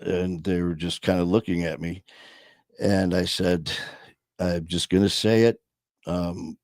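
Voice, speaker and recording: A man hosting his own show, telling a personal story in a slow, reflective way with many pauses and fillers. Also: sits low, darkish tone, no echo, studio quality.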